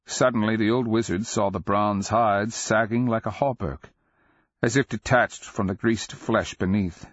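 A man narrating a dark fantasy story in a measured, deliberate way. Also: fairly low pitch, steady tone, no room sound. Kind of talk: dramatic fantasy audiobook narration. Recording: dull lo-fi dry recording.

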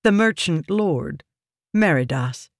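A man's voice: animated, takes it slowly, no echo, clean studio sound. A reader doing a grim, angry male soldier. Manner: dark, low tone.

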